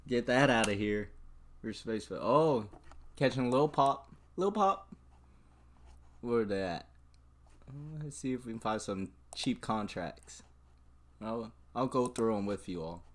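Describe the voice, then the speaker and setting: A young man from Arizona talks through stock trades on a livestream in a loose, profane, chatty way. He speaks slowly and sits a little low in pitch, often breaking off to laugh. The delivery is relaxed and unscripted. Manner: casual, profane, laughing asides. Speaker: stock trading streamer. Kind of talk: live trading commentary.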